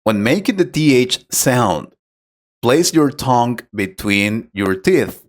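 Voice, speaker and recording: In a scripted conversation lesson, a man in the role of an English teacher walks through pronunciation tips with patience and clarity, speaking at a medium pitch.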